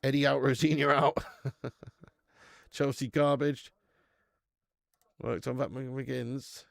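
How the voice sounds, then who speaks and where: A man's voice: medium pitch, slow, vocal fry, no room sound. A young man hosting a live football watch-along, cheering, swearing and chatting with his viewers. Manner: excitable, swearing, banter with chat. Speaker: fan channel host.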